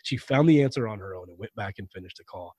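Husky-voiced man telling family stories. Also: lowish voice, fast, no echo. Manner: anecdotal, animated when quoting others. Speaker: podcast guest. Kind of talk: conversational storytelling.

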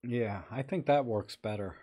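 A man's voice: medium pitch, moderate pace, dark tone, breathy edge. A man hosting a live stream, talking casually and thinking aloud as he edits viewers' photos and greets people in the chat.

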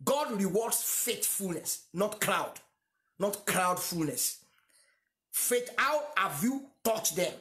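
A man's voice: high voice, expressive, takes it slowly, fairly bright tone, reverberant. A Nigerian-accented man whose first language is Yoruba, preaching a sermon emphatically and repeating lines for stress. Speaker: pastor.

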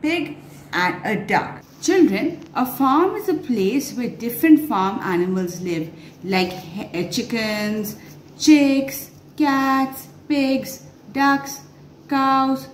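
A woman telling a story to young children in an animated, sing-song way, with gasps and exclamations. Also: fairly high pitch, takes it slowly. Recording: echoey room, faint background noise.

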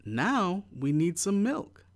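A man doing a calm, patient mother. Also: sits high, takes it slowly, voice pushed up, full character voice.

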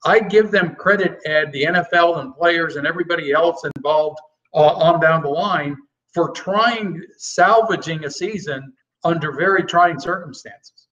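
A man joining a sports talk show as a guest analyst, rambling with halting restarts. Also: a little high, fairly bright tone. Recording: distant dull remote audio.

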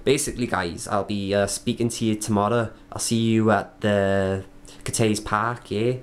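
A Welsh man putting on a clumsy Scottish accent, speaking slowly and stiffly. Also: on the low side, steady tone, lightly acted. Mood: playful. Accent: put-on Scottish.

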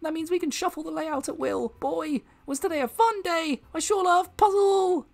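This is a cheerful male maze-worker monster from a video game, voiced by a man. The voice sits far above a normal speaking register and comes out squeaky. The delivery is chirpy and sing-song, as if every day were a fun one. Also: moderate pace, vocal fry.

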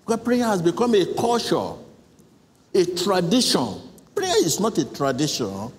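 A man's voice: sits high, huge pitch swings, unhurried. A man preaching a sermon in a large church, emphatic and repetitive, guiding a congregation in prayer. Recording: echoey hall with faint noise.

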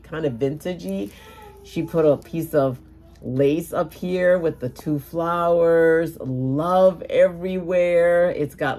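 A woman's voice: sits low, a little mellow. A woman vlogging a casual unboxing for her giveaway challenge, gushing and emotional, at times tearful. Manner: gushing, emotional, exclaims often.

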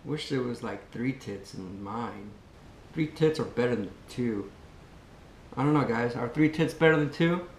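A man's voice: mid-range voice, unhurried, a little hiss or hum. A man hosting a casual vlog, rambling and joking crudely. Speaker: vlog host. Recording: echoey room.

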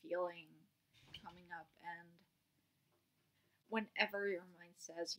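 A young woman talking candidly in a personal vlog about a meditation practice, unguarded, laughing and swearing now and then, her voice often sinking to a soft near-whisper. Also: lowish voice, fairly even intonation, takes it slowly, pauses often, a little hiss or hum. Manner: swearing and laughing as she talks. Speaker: vlogger sharing a meditation practice.

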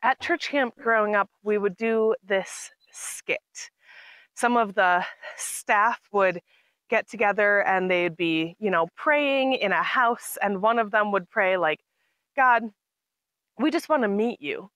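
A woman intern pastor delivers a recorded sermon in an easy, conversational way and slips in a light laugh now and then. Her voice is mid-pitched and sounds dry, with no room around it. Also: slow, fairly bright tone, no room sound, poor audio.

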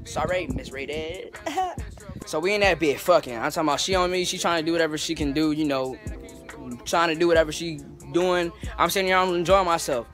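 A young man telling a story in a casual, animated and profane way, full of slang. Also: on the high side, a little fast, soft background music. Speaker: storytelling vlogger.

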